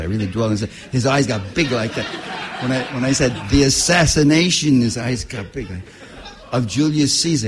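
Husky, lowish older man; activist speaker, anecdotal talk, animated delivery. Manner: animated storytelling, laughing at his own stories.

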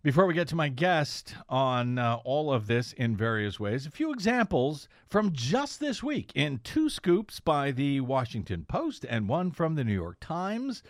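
Male talk radio host, sardonic, animated, slightly high voice, dry studio sound. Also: a little slow, few pauses, no room sound. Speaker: radio host and investigative blogger. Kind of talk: political talk radio monologue.

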